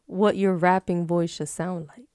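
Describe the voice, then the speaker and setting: A woman with a New Jersey accent co-hosting a podcast, lively and teasing in casual chat. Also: lowish voice, a little slow, smooth, no echo, clean studio sound. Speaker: podcast co-host.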